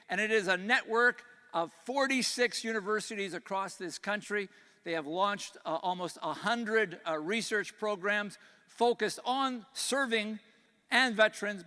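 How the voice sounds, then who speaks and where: An older man, Canadian with a slight Texas twang, gives an earnest, folksy keynote, dropping low and quiet on grave points. His voice is high for a man and bright, with a smooth, clear tone. Long reverb from the large conference hall trails each phrase. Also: a little slow. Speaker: conference speaker. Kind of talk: keynote speech. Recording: echoey hall.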